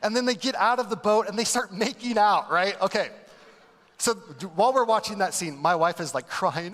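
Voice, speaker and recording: A man's voice: sits high, brisk, fairly bright tone, in a large hall, slight background noise. A man preaching a humorous sermon as pastor, telling stories animatedly and mocking the voices he quotes. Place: large church auditorium.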